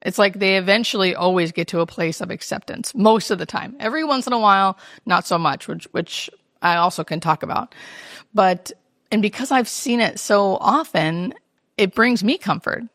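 A woman's voice: mid-range voice, moderate pace, no room sound, studio quality. A woman, a hospice nurse, telling stories in an interview and acting out the voices of the people in them. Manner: animated storyteller who acts out quoted speech. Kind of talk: interview storytelling.

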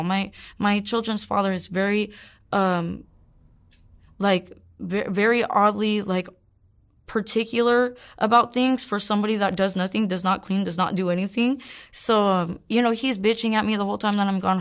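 A woman in her twenties frankly telling her life story in an interview, rambling with many fillers and curse words. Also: mid-range voice. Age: 20s. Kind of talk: candid personal storytelling.

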